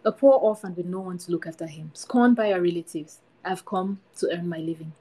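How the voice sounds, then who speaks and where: A naive poor orphan boy, polite and pleading, voiced by a woman reading a folktale. The voice is low, mellow and husky. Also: brisk, natural voice.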